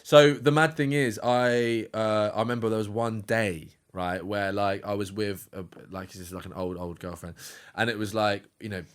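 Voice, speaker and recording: A young man, a podcast guest telling a story in a casual, animated, slangy way. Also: fairly low pitch, moderate pace, few pauses, clean tone.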